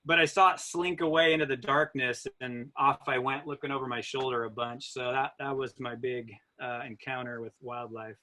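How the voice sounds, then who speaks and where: A man in an interview telling a story in an animated way, acting out his own thoughts as he goes. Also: mid-range voice, moderate pace, hardly any pauses. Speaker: guest runner.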